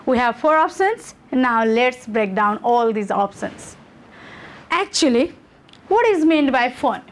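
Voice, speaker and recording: A woman's voice: a little high, sing-song, slow pace. A woman English teacher from Nepal, walking students through exam questions and checking in with "okay" and "you know".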